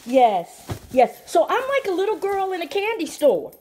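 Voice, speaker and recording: A middle-aged woman hosting her own show, talking to the camera in a playful, flamboyant way, hoarse from a sore throat. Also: very high voice, big pitch swings, normal speed, a little mellow, slight background noise. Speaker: show host. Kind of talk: casual chat to camera.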